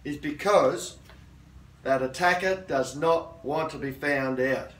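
Firm middle-aged karate instructor, roomy. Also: male voice, a little high, slow, a bit bright. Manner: firm, assertive, checks in with "okay?". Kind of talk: self-defence lesson. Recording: roomy sound from a distant mic.

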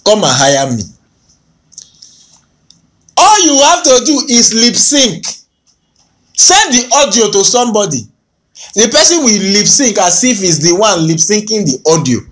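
A man with a Nigerian accent giving mocking, animated commentary as co-host of a casual talk show. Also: sits high, unhurried, pauses often.

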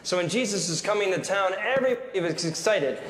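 A man gives a children's message in a large church. His higher-pitched voice bounces up and down as he quizzes the kids and leads their cheers, playful all the way. The sound rings through a roomy hall with a long tail of reverb. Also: a little fast, a little hiss or hum. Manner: playful and animated, leading cheers and questions. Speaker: pastor leading a children's message. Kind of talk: children's sermon.

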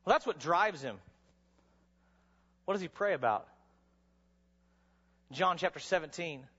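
A man preaching a sermon to college students, telling stories dramatically and sometimes rising to a shout. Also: fairly high pitch, animated, measured pace, husky. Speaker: chapel speaker. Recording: dull sound with long hall reverb.

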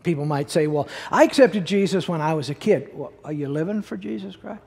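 A man's voice: on the high side, lively intonation, brisk, vocal fry, darkish tone, slightly rough, long reverb tail. A man preaching a sermon as pastor, emphatic and conversational, repeating key words for effect.

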